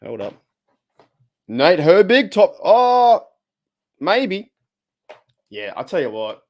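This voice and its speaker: A man with an Australian accent and a hoarse, cracking voice, hosting a casual live chat and reading out viewer comments. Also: sits high, very animated, takes it slowly, a little mellow, no echo. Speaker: livestream host. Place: home room.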